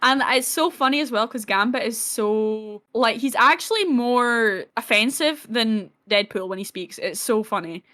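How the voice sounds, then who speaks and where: A woman with a slightly high voice chats casually and excitably. She swears freely and retells scenes with a lot of gusto. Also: a little slow, few pauses. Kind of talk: casual chat.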